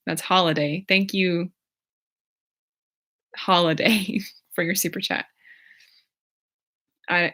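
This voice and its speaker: With a voice on the low side and a bit bright, a young woman in her twenties hosts a casual livestream at home as a YouTuber. She answers her chat in a rambling way, full of fillers and giggles.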